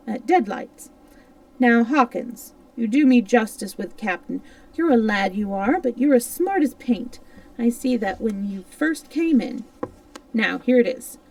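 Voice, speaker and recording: A woman reading aloud and voicing a gruff one-legged male pirate cook who talks in loud, excitable bursts. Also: a little high, no room sound, distant mic.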